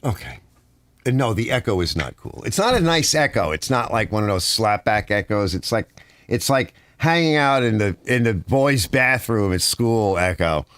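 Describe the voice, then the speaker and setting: A man's voice: lowish voice, very animated, normal speed, a bit bright, no echo. A man hosting a live stream, chatting casually and reading viewer comments aloud in a rambling way. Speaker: channel host reading live chat.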